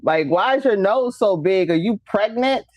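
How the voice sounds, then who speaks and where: A woman imitating a loud, blunt older country aunt who shouts remarks at people. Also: medium pitch, expressive, normal speed, dry recording, lightly acted. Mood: scolding.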